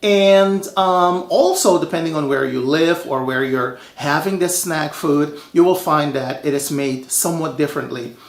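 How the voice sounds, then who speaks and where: A man from Suriname hosting a home cooking show, telling stories in a lively, chatty way. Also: on the high side, moderate pace, few pauses, echoey room. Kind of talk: casual cooking show talk.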